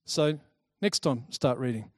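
A man giving a talk to a live audience, lively and chatty, telling personal stories and acting out the people in them. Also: mid-range voice, unhurried, no room sound, clean studio sound. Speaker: speaker presenting to a group.

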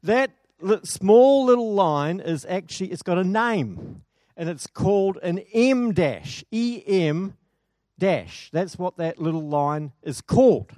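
A man's voice: high-pitched, no room sound, clean studio sound. A man preaching a sermon in a church, chatty and enthusiastic, often asking the congregation questions.

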